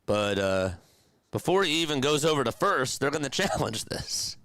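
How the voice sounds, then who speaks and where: In a dry recording, a chatty man with a mid-range voice does radio-style play-by-play at normal speed. He addresses his chat directly, bounces animatedly between calls and opinions, and slips in sarcastic asides.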